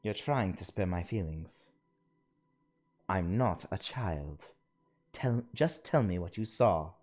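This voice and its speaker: A man's voice: sits low, expressive, takes it slowly, darkish tone, pitched below the performer's own voice, full character voice. A man voicing a stern, anxious older woman professor while reading game dialogue aloud. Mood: insistent.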